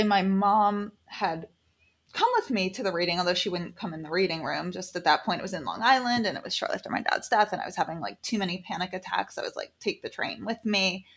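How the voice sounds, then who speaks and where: A woman casually telling a personal story, animated and quoting people in lively voices. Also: medium pitch.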